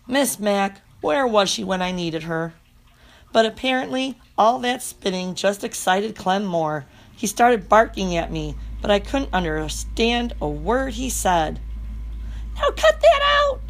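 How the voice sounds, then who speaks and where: Expressive woman reading a storybook. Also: medium pitch. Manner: lively, expressive, playful first-person telling. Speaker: audiobook narrator. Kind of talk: storybook narration.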